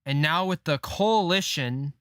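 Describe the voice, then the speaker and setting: A man reading the lines of a determined young woman who is leaving the boy she raised, in a slow, earnest delivery. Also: a little high, a bit bright, smooth, no room sound, studio quality.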